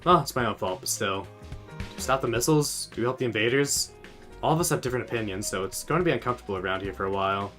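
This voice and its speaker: A man's voice: medium pitch, expressive, racing, a bit bright, soft background music. A man hosting a let's play, reading game dialogue aloud with wry, playful commentary.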